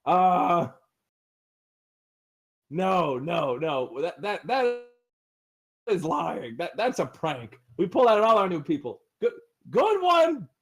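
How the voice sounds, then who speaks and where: A man's voice: sits high, sing-song, takes it slowly, pauses often, heavily acted. A jittery lizardfolk guard stammers through clumsy, fake-casual denials, as a man puts him on. The voice sits a little above the speaker's own and wobbles up and down, the way a figure sounds in a tabletop game. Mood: flustered. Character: nervous, evasive male lizardfolk guards.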